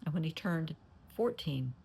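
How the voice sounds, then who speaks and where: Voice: mid-range voice, lively intonation, a little slow, gravelly, darkish tone, a little hiss or hum. A therapist retelling a client's story, getting emotional and dropping to a near whisper at times. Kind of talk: telling a story.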